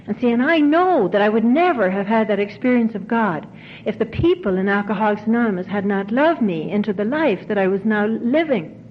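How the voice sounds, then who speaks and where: A woman's voice: mid-range voice, lively intonation, a little fast. A woman giving an earnest, emotional talk to a recovery convention audience, repeating phrases for emphasis. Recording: dull 1990s tape, faint hiss.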